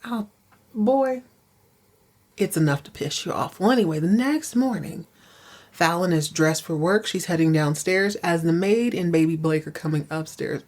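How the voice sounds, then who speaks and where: A woman's voice: on the low side, normal speed, a little mellow. A woman hosting a podcast, recapping episodes in casual, sassy chat with many asides. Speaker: podcast host.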